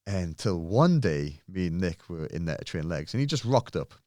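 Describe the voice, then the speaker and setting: A man in his thirties telling a lively gym story in casual chat, swearing freely and acting out what people said. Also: low-pitched, normal speed, dry recording, studio quality. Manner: animated, swears often, acts out quotes. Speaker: podcast guest, bodybuilder.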